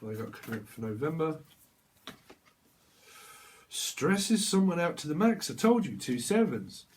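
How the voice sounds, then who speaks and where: A man, talking in a fairly high voice. He gives a casual tarot reading in a loose, slangy way and swears now and then. He keeps acting out little exchanges between people. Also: a little slow, a little hiss or hum. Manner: animated, slangy, acts out little dialogues; laughs often, swears casually. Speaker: tarot reader.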